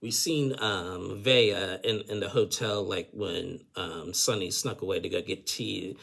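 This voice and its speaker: A man's voice: low-pitched, fairly even intonation, measured pace, gravelly, a bit bright. A man giving a casual, rambling recap of a reality show, full of filler phrases. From United States. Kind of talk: casual commentary.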